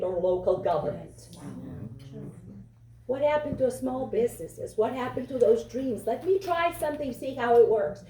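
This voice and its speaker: Woman candidate with a foreign accent, fired-up and repetitive, mellow and a bit high, echoey room. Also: far from the mic. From Europe. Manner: impassioned, repetitive. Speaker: political candidate. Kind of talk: campaign speech. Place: fundraiser venue.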